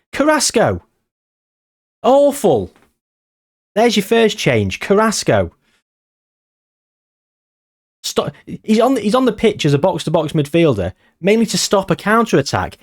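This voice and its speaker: A man giving excitable, nervous live commentary on a game he is playing. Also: high voice, normal speed, few pauses. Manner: excitable, nervous, reacting loudly to match moments. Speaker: gaming channel host.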